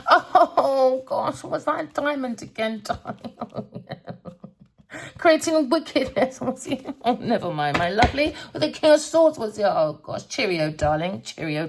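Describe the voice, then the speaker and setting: A woman runs a tarot reading monologue with a gravelly, fry-laden voice and a husky grain. She swings between sing-song teasing and blunt cussing, calling listeners darling and my lovely as she goes. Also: medium pitch. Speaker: tarot reader.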